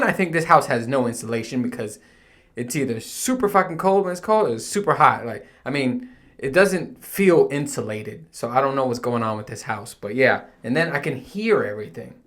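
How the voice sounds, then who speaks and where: A man's voice: medium pitch, fairly bright tone. A man hosting his podcast from home, chatting casually in a rambling, profane way and laughing at himself. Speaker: podcast host. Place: home room. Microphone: home recording setup.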